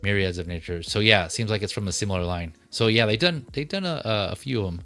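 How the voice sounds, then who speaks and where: Over faint background music, a man with a lowish voice hosts a laid-back livestream on collectible figures. He talks fast and loosely, wandering through his points with lots of filler words and restarted sentences.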